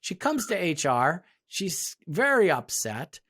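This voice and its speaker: A man's voice: on the high side, very animated, slow, a bit bright, husky. A man co-hosting an HR podcast who tells stories in casual chat and acts out the dialogue of the people in them. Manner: storytelling, acting out quoted dialogue. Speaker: podcast co-host, HR professional.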